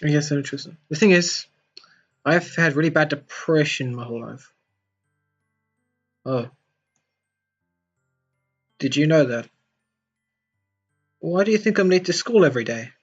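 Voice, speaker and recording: A man's voice: fairly high pitch, animated, measured pace, long pauses, lo-fi sound, soft background music. Sayori: a man reading as a gloomy teenage girl. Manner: soft, gloomy, self-blaming. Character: bubbly teenage girl hiding depression.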